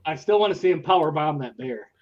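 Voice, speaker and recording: A man's voice: a little high, expressive, fast. A man chatting casually on a live stream, joking around and laughing often. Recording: dull, muffled call audio.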